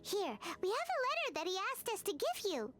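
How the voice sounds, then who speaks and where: A chirpy little companion girl, as a woman puts her on reading along with a game. The voice sits very high and bounces lively up and down, soft and light. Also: fairly quick, heavily acted.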